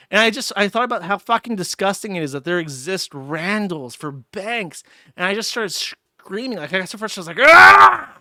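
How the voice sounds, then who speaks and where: A man hosting a livestream rants angrily and profanely, tossing in mocking asides. His voice is high and sharp, recorded with studio quality and no room sound.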